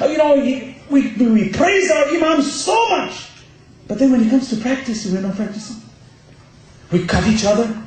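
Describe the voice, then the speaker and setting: A man's voice: high voice, lively intonation, moderate pace, darkish tone. Passionate man preaching in echoey hall. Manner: passionate, rhetorical questions. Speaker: religious lecturer. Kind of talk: Muharram sermon.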